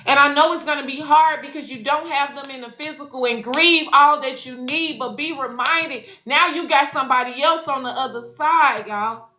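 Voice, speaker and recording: A spiritual life coach and intuitive reader talks at normal speed with hardly any pauses, her high voice bright and forceful. On her casual tarot livestream she's profane and affectionate, calling viewers y'all and baby; faint music plays in the echoey room.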